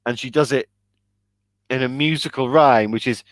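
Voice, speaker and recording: A man's voice: moderate pace, pauses often, no echo. A man co-hosting a casual chat, enthusiastic and hiccuping as he talks about films. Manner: enthusiastic, acts out quoted lines in high shouts. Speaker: podcast co-host.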